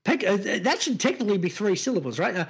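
A man's voice: high voice, lively intonation, fast, husky. A middle-aged Australian man co-hosting a podcast, swearing, laughing and joking in casual banter. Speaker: podcast co-host.

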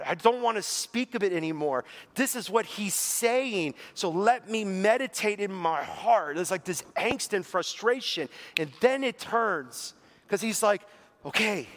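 In this sermon, a man preaches earnestly and conversationally, paraphrasing a psalm aloud and leaning heavily on "like" as a filler. Toward the end his voice drops low and soft.

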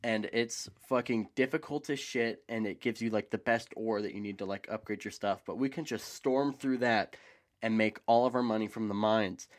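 A man co-hosting a casual chat, rambling excitedly and swearing casually. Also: fairly low pitch, normal speed. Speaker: podcast co-host.

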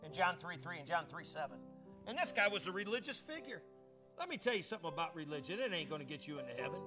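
Older man, pastor preaching a sermon, high voice, emphatic, rising to shouted peaks. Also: sing-song, fast, over music.

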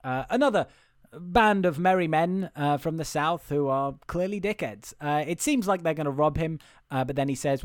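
A man's voice: fairly high pitch, normal speed, no echo, studio quality. A man casually recapping a film for a comedy podcast, rambling with restarts. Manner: rambling, restarts, breaks into goofy character voices.

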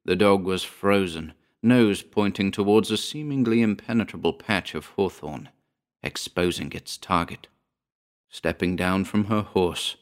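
A man reading a short story aloud in a measured, often hushed delivery. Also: deep voice, clean tone. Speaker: narrator. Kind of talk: scripted story narration.

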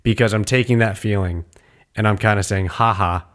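A man's voice: on the low side, normal speed, a bit bright. A man in casual podcast chat, talking in a defiant, intense way with plenty of swearing. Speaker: podcast co-host.

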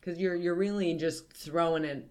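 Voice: mid-range voice, steady tone, moderate pace. A podcast co-host in casual chat who gives dry, skeptical replies.

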